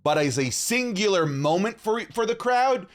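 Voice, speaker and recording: Animated excitable podcaster man. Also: sits high, normal speed. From Canada. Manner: animated, excitable, says "dude" a lot. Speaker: podcast co-host. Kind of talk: casual chat.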